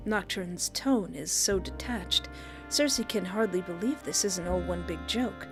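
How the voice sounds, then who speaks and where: Excitable woman reading a visual novel aloud. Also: lowish voice, measured pace. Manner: excitable, gushing asides. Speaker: streamer. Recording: background game music.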